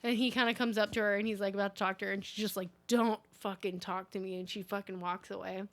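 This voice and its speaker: A woman's voice: mid-range voice, fairly even intonation, quick pace. Blunt, profane woman podcast co-host. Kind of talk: casual movie recap chat.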